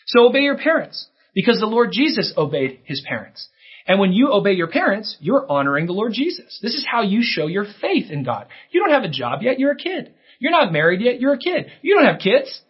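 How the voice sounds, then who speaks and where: Brief: male pastor, children's sermon, lively husky delivery, somewhat high voice, dull lo-fi sound. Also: brisk. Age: adult. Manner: animated, acts out kids' lines in a higher voice. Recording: dull lo-fi recording.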